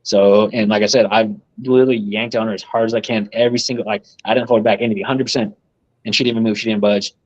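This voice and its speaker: A man guesting on a live podcast, a reptile breeder by trade, rambles through casual stories, swearing freely and laughing at his own jokes. He speaks fast with a fairly low pitch and steady tone, over dull audio.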